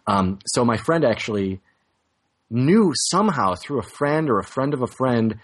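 A man's voice: mid-range voice, expressive, moderate pace. Rambling, self-mocking man telling a story. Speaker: podcast co-host. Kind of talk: casual podcast storytelling.

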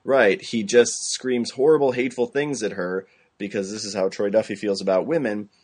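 A man's voice: on the low side, fairly even intonation, moderate pace, darkish tone, slightly rough. A man co-hosting a casual movie podcast, giving dry, sarcastic critiques. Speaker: podcast co-host. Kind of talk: casual film chat.

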